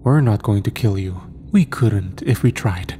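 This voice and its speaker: A man's voice: on the low side, animated, unhurried, warm tone, slight background noise. A man voicing a smug demon posing as a young man, speaking with casual, mocking menace.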